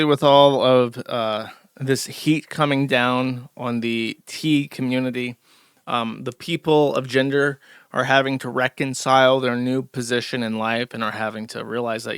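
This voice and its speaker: A man's voice: mid-range voice, gravelly, a bit bright, clean tone, no echo, clean studio sound. A man hosting an online commentary show, talking casually in a sarcastic, mocking way. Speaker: show host.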